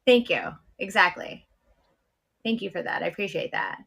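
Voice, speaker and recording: A woman's voice: medium pitch, normal speed, gravelly, a bit bright. A woman co-hosting a casual talk show, speaking hesitantly with many fillers as she opens up about a personal hurt. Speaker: co-host. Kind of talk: casual chat.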